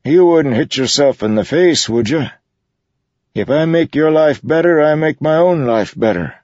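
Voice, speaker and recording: A man voicing a frightened old male shoemaker who speaks gently and pleads with a trembling voice. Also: a little high, lively intonation, normal speed, dry recording, lo-fi sound, pitched above the performer's own voice, natural voice. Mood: gentle.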